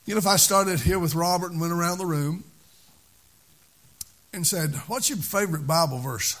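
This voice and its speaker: A man's voice: high voice, moderate pace, a bit bright. A man preaching a sermon at a church service, with a fervent, repetitive preaching cadence.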